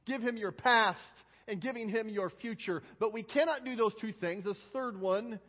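Speaking at a moderate pace in a high-pitched voice, a pastor leads a children's sermon. He keeps prompting the kids with questions and tends to repeat words as he begins sentences; the audio is lo-fi and dull, echoing with long hall reverb.

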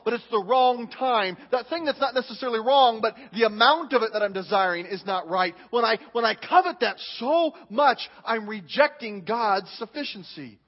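A man preaching a sermon, leaning hard on drawn-out stresses and repeating words for emphasis. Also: very high-pitched, in a large hall, muffled recording. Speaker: pastor.

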